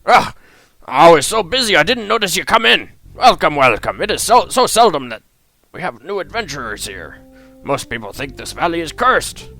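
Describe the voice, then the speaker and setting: A man's voice: fairly high pitch, very animated, normal speed, bright, forceful tone, voice pushed up, full character voice. A man voicing a genial old male guildmaster, a retired adventurer who reminisces in a chatty, friendly way over faint guitar music.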